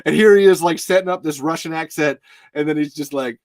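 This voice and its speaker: High-voiced man chatting casually. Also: a little fast, a little mellow, dry recording. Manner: rambling, profane, laughing. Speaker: host. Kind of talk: casual chat.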